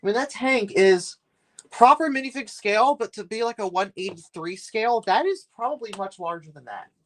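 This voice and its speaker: A man's voice: high-pitched, lively intonation, brisk, fairly bright tone. A man streaming live while he builds a set, rambling and chatty, complaining with a laugh.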